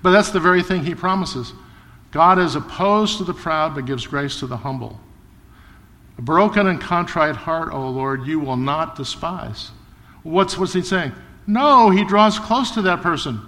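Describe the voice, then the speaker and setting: A man delivers a sermon with a bright, forceful voice that sits a little high for a man. He preaches earnestly, slowing and rising when he reads scripture aloud. His voice rings out with a long reverb, as in a large church sanctuary. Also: expressive. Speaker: pastor.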